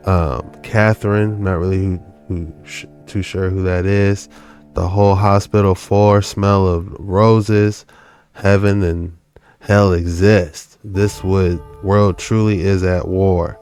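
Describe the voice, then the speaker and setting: A man speaking earnestly and somberly, reflecting with some halting restarts. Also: sits low, level tone, a little mellow, soft background music. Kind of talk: casual spoken reflection.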